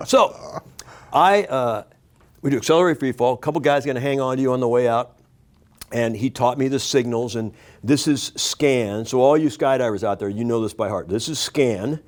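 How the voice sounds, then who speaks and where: Appearing as a guest on a talk show, a man in his sixties with a mid-range voice tells a story with animated energy. He acts out the voices and shouts of the people involved.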